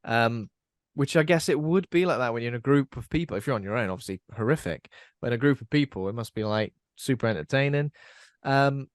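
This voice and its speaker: A man's voice: medium pitch, expressive, brisk, no echo, clean studio sound. A man hosting a podcast, chatting casually about a horror film and asking his co-hosts questions. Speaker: podcast host.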